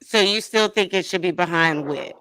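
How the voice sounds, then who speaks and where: A woman's voice: lowish voice, normal speed, a bit bright. Flustered, laughing woman hosting a chat. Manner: laughing, flustered self-correcting. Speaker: podcast host. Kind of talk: casual chat.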